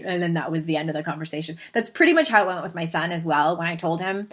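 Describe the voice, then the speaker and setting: A woman in her thirties with a Southern California accent, hosting a podcast and telling a story in a chatty, animated way with laughing asides. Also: lowish voice, fast. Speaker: podcast host. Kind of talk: casual storytelling monologue.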